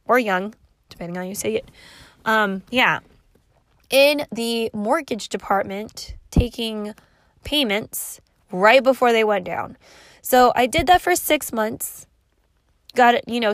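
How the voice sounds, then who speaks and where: A woman in her thirties with a fairly high voice tells a personal story in a loose, rambling way. She swears freely and leans on fillers. Her voice sounds dry and close. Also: dry recording. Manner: rambling, profane and animated, with many fillers. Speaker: vlogger. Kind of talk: casual storytelling.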